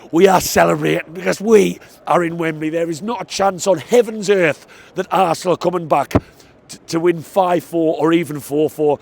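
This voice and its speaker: A man giving an excitable post-match football fan reaction outside the stadium, stressing his points. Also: on the high side, gravelly. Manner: excitable, emphatic, repeats "I tell you what".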